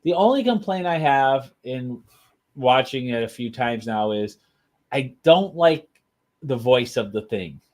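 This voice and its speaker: A man's voice: mid-range voice, expressive, measured pace, darkish tone. A man co-hosting a podcast, talking casually in an easygoing, agreeable way. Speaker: podcast co-host. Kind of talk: casual chat.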